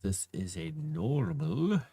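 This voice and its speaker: A man on a casual livestream, thinking aloud to himself as he formats a document and grumbling at the software. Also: low voice, very animated, takes it slowly, slightly rough, dry recording. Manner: mutters to himself while working, grumbles at software.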